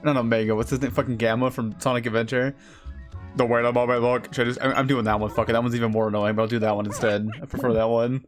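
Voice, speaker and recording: A man's voice: medium pitch, little pitch movement, quick pace, soft background music. A man casually commentating on a game as he plays, joking, swearing and laughing often. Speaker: streamer.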